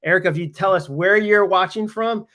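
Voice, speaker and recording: A man in his forties hosting a live webinar, telling stories in an animated, rambling way full of "like" fillers. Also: high-pitched, brisk. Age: 40s. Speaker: host. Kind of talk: casual storytelling on a live webinar.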